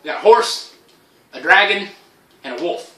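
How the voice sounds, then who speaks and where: A man's voice: high-pitched, animated, normal speed, sharp tone, voice pushed up. Man doing a curt shop clerk. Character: grumpy adult male costume-shop clerk, unhelpful. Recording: roomy and from far off.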